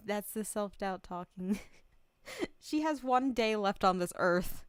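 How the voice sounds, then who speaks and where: A VTuber speaks slowly in a mid-range, clean voice with no room sound. Chatting casually on her livestream, she gets emotional and close to tears, laughs a lot, and swears freely.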